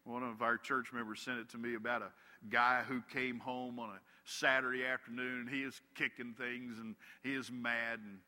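A man's voice: medium pitch, level tone, normal speed, pushed and bright. A man preaching a sermon as a pastor, telling humorous stories to make his point. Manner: storytelling with humorous anecdotes. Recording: long hall reverb.

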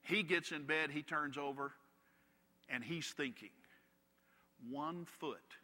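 Sharp-toned pastor preaching in a big hall. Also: male voice, a little high, measured pace. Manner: storytelling with humorous anecdotes. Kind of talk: sermon. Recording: long hall reverb.

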